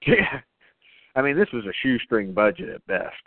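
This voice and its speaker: A man co-hosting a podcast, chatting casually and profanely about horror movies with excitement and jokes. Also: medium pitch, normal speed, no room sound, phone-quality sound. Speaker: podcast co-host.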